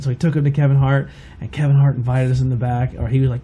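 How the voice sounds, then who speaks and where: A man's voice: mid-range voice, level tone, fast talker, warm tone, a little hiss or hum. A man co-hosting a podcast in casual chat, retelling comedy bits and swearing freely. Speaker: podcast co-host.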